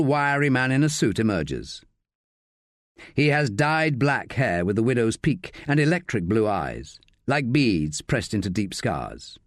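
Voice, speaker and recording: A man narrating a crime audiobook in measured, scripted storytelling on a close studio mic. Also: medium pitch, no room sound.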